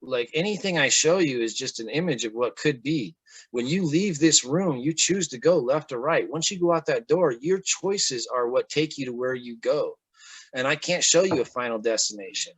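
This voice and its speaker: A man's voice: mid-range voice, moderate pace, slightly rough, no echo, rough recording. A man voicing a sarcastic motherly spirit. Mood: calm, admonishing. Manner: calm, instructive, mildly scolding.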